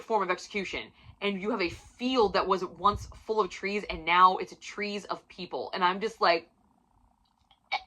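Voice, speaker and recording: A woman talks through a book review in a casual, swearing style. Her voice is bright and forceful and sits a little low. She punches some words loudly and drops others to a near-whisper. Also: poor audio. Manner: emphatic, profane, swings from loud to near-whisper.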